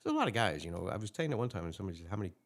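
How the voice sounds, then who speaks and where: A man who talks quickly, with a gravelly, creaky edge. As the host, he chats casually and fills his own cop stories with fillers. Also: low-pitched, very animated. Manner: rapid storytelling with many fillers. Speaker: podcast host, former police officer. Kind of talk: casual interview chat.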